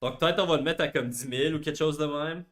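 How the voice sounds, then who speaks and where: A man's voice: on the high side, fairly even intonation, rapid-fire, fairly bright tone. A man from Quebec with a Québécois French accent, chatting casually and self-mockingly on a livestream, switching between French and English. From Quebec, Canada. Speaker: livestreaming artist.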